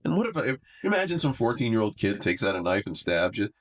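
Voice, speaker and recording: A man's voice: fairly low pitch, big pitch swings, quick pace. A young adult man, a stand-up comedian, chatting on a podcast in a wry, rambling storytelling way. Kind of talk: casual podcast chat.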